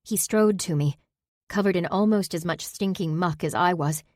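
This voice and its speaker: A woman's voice: lowish voice, moderate pace, darkish tone, no echo. A woman narrating a first-person fantasy audiobook with intimate, emotional storytelling on a close studio mic.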